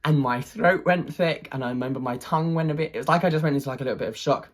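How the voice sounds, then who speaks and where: A husky-voiced speaker tells a personal story in a loose, rambling way. The delivery is hesitant, with fillers and restarts, and carries an excitable sense of wonder at mid pitch. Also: very fast. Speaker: artist telling a personal story.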